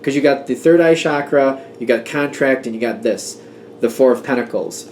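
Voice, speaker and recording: A man's voice: medium pitch, darkish tone, a little hiss or hum. A man giving a casual tarot reading, talking in a chatty, emphatic way as he gets worked up and laughs at himself. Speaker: tarot reader.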